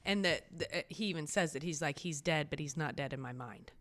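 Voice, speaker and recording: A young woman co-hosts a casual podcast, blunt and enthusiastic, swearing freely as she talks. Her voice sits on the low side. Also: a little fast, a bit bright. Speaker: podcast co-host. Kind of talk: casual chat.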